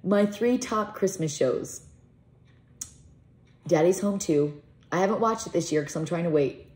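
A middle-aged mother who vlogs talks casually to the camera in a lowish voice at a measured pace, rambling and getting emotional. The room echoes, with soft music in the background.

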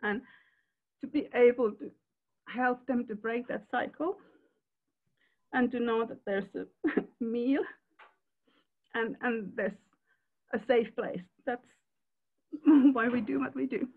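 Brief: older woman foster carer, halting and tearful, high voice, tinny phone-like call audio. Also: steady tone. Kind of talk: sharing in a Q&A. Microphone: video call.

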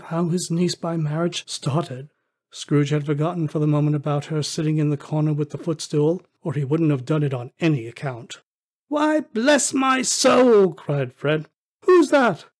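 A man narrating an audiobook with expressive storytelling. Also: on the high side, slightly rough.

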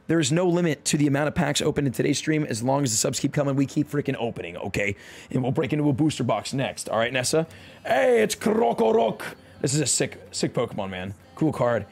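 A young man excitedly opening card packs on a live stream, joking and talking slangily to his chat. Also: fairly high pitch, breathy edge. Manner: hyped, jokey, talks to chat, slangy.

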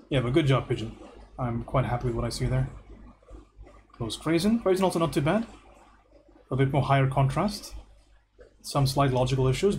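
A man teaching art on a livestream, going through student homework and giving relaxed, encouraging feedback. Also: medium pitch, slight background noise. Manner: relaxed and encouraging, thinks aloud with repeated praise.

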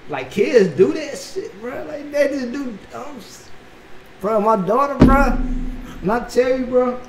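A man hosting a reaction video, telling a story in a casual, animated, slangy way and saying bro a lot. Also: extremely high pitch, unhurried, a loud crowd. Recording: echoey room, mic at a distance, faint noise.

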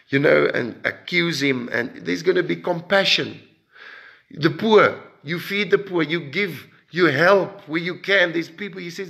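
A man preaching a sermon in an emphatic way, with sudden rises and drops in pitch and loudness and frequent repeated words. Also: lively intonation, normal speed, creaky.

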